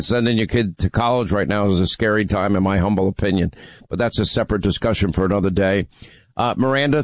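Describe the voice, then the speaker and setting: A man's voice: on the low side, dry recording. A middle-aged man hosting a talk radio call-in show, speaking in an emphatic, teasing, rallying way. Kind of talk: talk radio, taking calls.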